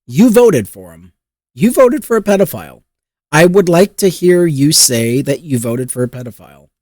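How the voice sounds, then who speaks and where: A man's voice: fairly high pitch, very animated, normal speed, darkish tone, no room sound, studio quality. A man reacting to a clip with sarcastic, profane commentary. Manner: mocking, profane.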